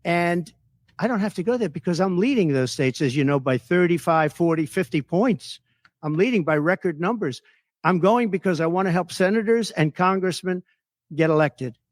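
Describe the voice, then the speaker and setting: A man's voice: sits high, lively intonation, moderate pace, dry recording, studio quality. Boastful man answering press questions. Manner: boastful, repetitive, emphatic. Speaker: political candidate at a press conference.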